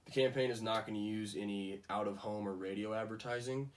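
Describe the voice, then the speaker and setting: A man's voice: fairly low pitch, fairly even intonation, fairly quick, distant mic. A young man giving a casual class project presentation, with frequent ums and restarts. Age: young adult. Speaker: student presenter.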